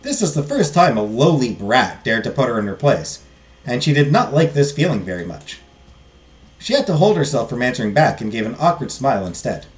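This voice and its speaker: A let's play host narrating a visual novel aloud, with an expressive read. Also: mid-range voice, brisk.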